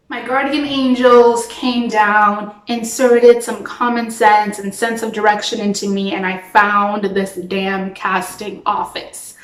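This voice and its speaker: Chatty young woman, echoey room. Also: mid-range voice. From Toronto, Canada. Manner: chatty and expressive, frequent "like". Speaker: actress. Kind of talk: storytime vlog.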